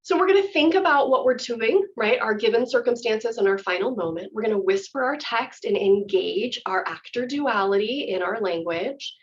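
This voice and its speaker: A woman's voice: on the high side, animated, normal speed, few pauses. A woman acting teacher giving a chatty, enthusiastic workshop explanation. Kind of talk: workshop instruction. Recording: dull lo-fi audio.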